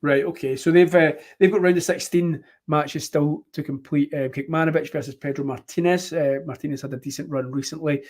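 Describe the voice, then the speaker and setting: A man's voice: a little high, steady tone, fairly quick, few pauses, darkish tone. Chatty man hosting. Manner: chatty, rambling with many ums. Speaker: host. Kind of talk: casual live-stream chat.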